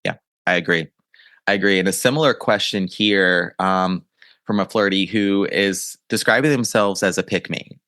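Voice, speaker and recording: A man hosts a dating-advice podcast in a fairly low voice, recorded close and dry with no room sound. He keeps the chat relaxed and affirming, often murmuring agreement. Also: normal speed, no room sound. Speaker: podcast host and dating coach. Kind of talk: casual conversational interview.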